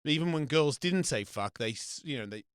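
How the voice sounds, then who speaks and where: A man's voice: fairly high pitch, expressive, fairly quick, fairly bright tone, clear, resonant tone, no echo, clean studio sound. A middle-aged Australian man hosting a casual chat, swearing freely and rambling through restarts. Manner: rambling, profane, lots of restarts. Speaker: host.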